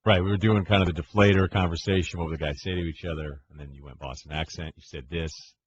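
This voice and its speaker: A man's voice: low-pitched, steady tone, fast talker, a little hiss or hum. A man co-hosting a sports radio show, making his points in an emphatic, opinionated way. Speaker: co-host. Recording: slightly dull studio sound.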